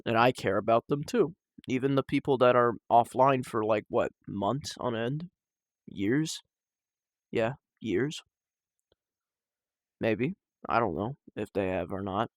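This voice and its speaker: A young man talking casually and personally to the camera at home, halting and emotional, with sighs and restarts. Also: medium pitch, dry recording, clean studio sound. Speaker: vlogger.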